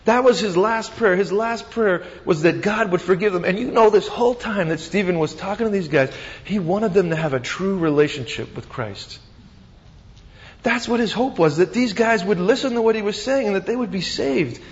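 A man preaching a sermon as pastor, retelling the scene with animated, dramatic storytelling. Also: high voice, moderate pace. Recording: dull sound with long reverb.

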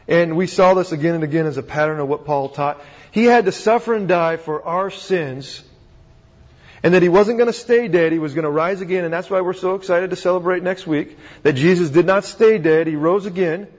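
Male pastor, higher-than-average voice, chatty sermon full of restarts and questions, dull lo-fi sound. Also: fairly quick. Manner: conversational, asks rhetorical questions, frequent restarts. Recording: dull recording in a reverberant hall.

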